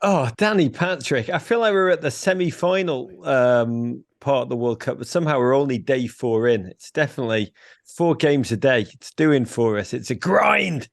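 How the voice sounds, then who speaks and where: A man with a Liverpool accent, a guest in an interview, talking in a witty, excitable way with quick jokes. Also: mid-range voice, dry recording, clean studio sound. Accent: Liverpool English. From Liverpool, England. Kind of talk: animated interview chat.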